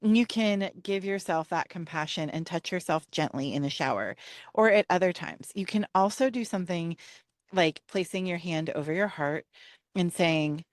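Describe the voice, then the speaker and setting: A woman therapist giving a conversational, encouraging faith-based talk on trauma healing, sometimes slowing to a gentle, calm delivery. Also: fairly low pitch, no room sound, clean studio sound. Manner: conversational and encouraging, with frequent "right?" and "you know".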